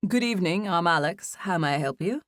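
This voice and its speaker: A polite young hotel clerk with a British accent, voiced by a woman reading an audiobook. He speaks in a measured, formal, professional way. The voice sits fairly low and sounds dry and close. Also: lively intonation, no echo, close to an everyday voice.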